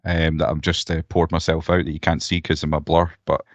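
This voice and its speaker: A man's voice: very deep voice, little pitch movement, brisk, no room sound. A young Scottish man co-hosting a casual podcast chat, blunt and sweary, ranting with animation over a video call. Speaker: podcast co-host.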